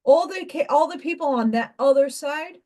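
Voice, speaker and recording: A woman's voice: high voice, normal speed, dark tone. A woman hosting a casual livestream, talking in a rambling, emphatic way and greeting viewers by name between her points. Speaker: livestream host and school teacher.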